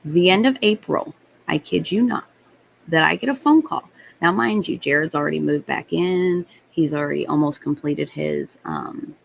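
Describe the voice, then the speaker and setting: Young woman ranting on a livestream, low voice, really gravelly, cusses a lot. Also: slight background noise, poor audio. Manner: blunt, heated, swears freely. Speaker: livestream host. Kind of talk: casual storytelling to live chat.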